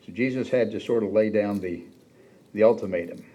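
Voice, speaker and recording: A man's voice: lowish voice, fairly quick, warm tone. A man preaching a sermon in a conversational way, acting out the quoted lines with a raised voice. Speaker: pastor.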